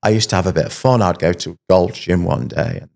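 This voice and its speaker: A man's voice: low-pitched, a little fast, vocal fry, a little mellow. A man from London telling anecdotes as a podcast host, chatty and full of rhetorical asides. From England. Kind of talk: casual storytelling chat.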